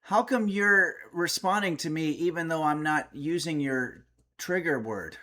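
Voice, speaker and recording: A man's voice: a little high, a little slow, pushed and bright. A man hosting a casual home livestream, reading viewer messages aloud and answering with wry, chatty remarks. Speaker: streamer and cooking host.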